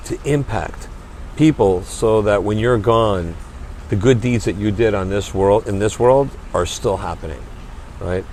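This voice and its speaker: A man's voice: fairly low pitch, a little mellow, a little hiss or hum. A man being interviewed as a guest, talking earnestly and emphatically, often repeating his first words as he starts a sentence. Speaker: restaurant owner and charity chairman, guest. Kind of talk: passionate interview talk.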